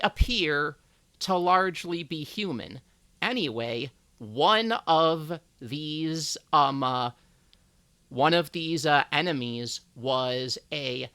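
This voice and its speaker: A game master running a tabletop game on a live stream, relaxed and halting, with many fillers. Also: mid-range voice, no echo.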